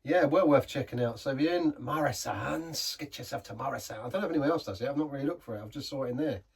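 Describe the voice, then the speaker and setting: A man's voice: medium pitch, quick pace, gravelly, slightly rough, distant mic. A man giving a casual, rambling beer review, often stopping and restarting his sentences. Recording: voice set back from the mic.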